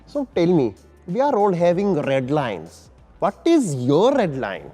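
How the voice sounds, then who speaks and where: A man's voice: fairly high pitch, wildly swooping pitch, measured pace, dark tone, faint music behind, voice pushed up, heavily acted. A man voicing a chummy, emotional male interviewer who keeps tacking on "huh?". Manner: chatty, keeps adding "huh?" and "bro".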